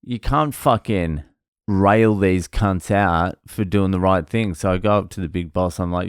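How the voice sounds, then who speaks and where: A man's voice: low-pitched, unhurried, clean tone, no echo, studio quality. A man telling a rambling, profane story about his work day in a casual vlog.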